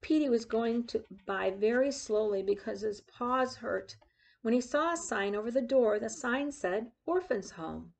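Reading a picture book a little slowly, this woman has a high-leaning voice with some vocal fry. She narrates in an expressive storyteller style and points out the pictures as she goes.

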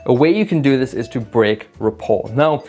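A chatty male vlogger talks straight to camera, giving self-improvement tips in an easy, self-deprecating way. He shifts his voice up and down to show what he means, and his pitch sits in the ordinary middle range. Soft music plays faintly underneath. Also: moderate pace. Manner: expressive, demonstrates voices and tones while explaining. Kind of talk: casual advice talk to camera.

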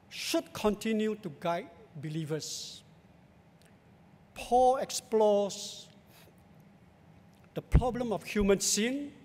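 Male Singaporean pastor, high voice, measured emphatic sermon in a church. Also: a little mellow. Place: large church sanctuary. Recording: long church hall reverb.

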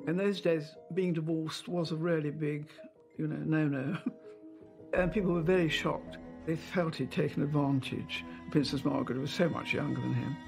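An older woman who served as a royal lady-in-waiting reminisces in an interview, speaking at a normal pace with a creaky voice over music. She chats through old memories with plenty of fillers, and her pitch livens up whenever she quotes other people.

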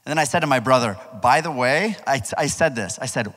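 A man preaching to a youth group as its pastor, telling a personal story with lively energy and asking the crowd questions. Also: medium pitch, fairly quick. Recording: long hall reverb.

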